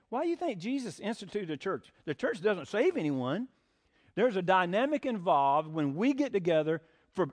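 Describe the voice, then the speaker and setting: An older man preaching a folksy sermon as pastor, mixing homespun jokes with emphatic preaching. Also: high voice. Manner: homespun, jokey asides, rising to emphatic preaching.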